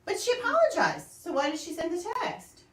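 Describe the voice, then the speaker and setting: A woman's voice: extremely high pitch, wildly swooping pitch, brisk. A middle-aged woman co-hosting a casual stream chat, laughing often and trailing off mid-thought. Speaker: co-host. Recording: roomy echo, distant from the mic.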